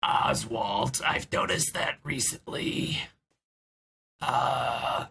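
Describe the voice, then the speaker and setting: A man doing a nervous, hushed woodland druid. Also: mid-range voice, creaky, breathy edge, heavily acted. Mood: nervous coaxing. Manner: hesitant, halting, hushed.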